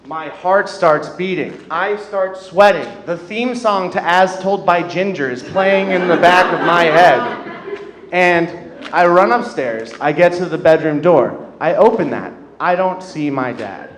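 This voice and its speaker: A young man in his twenties doing a self-deprecating stand-up set on a comedy club stage, getting loud at the punchlines. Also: high voice, unhurried, noisy background. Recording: roomy club with audience laughter.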